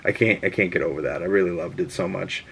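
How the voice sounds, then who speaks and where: A man giving a casual, spoiler-filled movie review, chatty and excitable, swearing freely as he talks. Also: deep voice, quick pace, gravelly, slightly rough.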